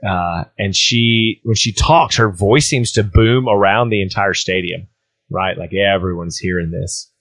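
A man's voice: deep voice, unhurried, fairly bright tone, dry recording. A man running a tabletop game as game master, narrating scenes casually with many fillers.

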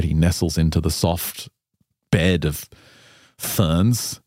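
A man hosting a casual talk show, retelling a strange tale in an animated way with frequent laughs. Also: sits low, takes it slowly, no room sound, clean studio sound. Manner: animated retelling, laughs often, loose fillers. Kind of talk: casual storytelling chat.

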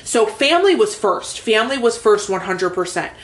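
A woman's voice: mid-range voice, big pitch swings, normal speed. A young woman co-hosting a podcast, telling a personal story in casual chat, blunt, with frequent swearing and filler words. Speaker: podcast co-host.

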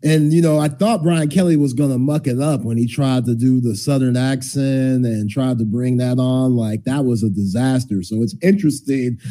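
A man's voice: mid-range voice, normal speed, few pauses. A middle-aged man co-hosting a sports talk show, chatting loosely and easily. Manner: relaxed, chatty, reads ad copy loosely. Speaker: co-host.

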